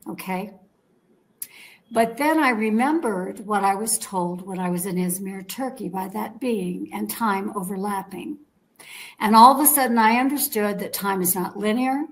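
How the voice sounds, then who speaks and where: Animated woman telling a personal story. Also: mid-range voice, a little slow, poor audio. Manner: animated storyteller, acts out quoted dialogue, checks in with "okay?". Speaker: guest.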